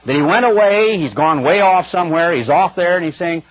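A man's voice: high-pitched, brisk. A man preaching a broadcast sermon in a plain-spoken, emphatic, conversational way. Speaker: radio preacher. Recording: dull lo-fi radio broadcast with faint music.

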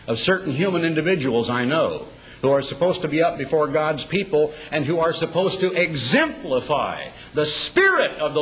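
A man preaching a sermon in a dramatic style, slowing down to recite scripture. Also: a little high, a bit bright, poor audio.

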